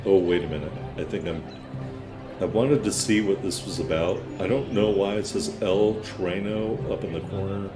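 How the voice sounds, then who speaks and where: A man with a very low voice chats casually through a gameplay session, drifting into wry asides. His voice sounds roomy, with game music playing clearly behind him. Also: steady tone, normal speed. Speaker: gaming channel host.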